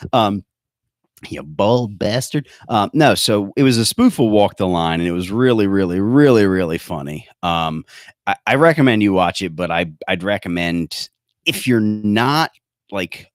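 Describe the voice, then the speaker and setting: A man's voice: lowish voice, lively intonation, unhurried, no room sound, studio quality. A man hosting a podcast in casual chat, rambling and joking, with lots of fillers and restarts. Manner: rambling, joking, self-correcting with many fillers. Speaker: podcast host.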